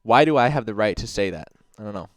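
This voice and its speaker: A man with a lowish, smooth voice hosts a casual livestream. He rambles through his points, dropping "like" into nearly every phrase and swearing freely while responding to chat. The sound is dry and close. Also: expressive, fast, dry recording. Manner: rambling, heavy with "like" fillers and swearing; reads out and answers chat messages. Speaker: livestream host.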